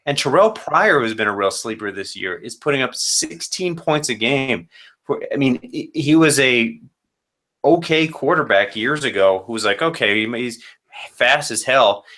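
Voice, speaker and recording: A man's voice: mid-range voice, expressive, normal speed, sharp tone. A man who runs a fantasy football league, casually rambling through matchup predictions with self-corrections and joking asides.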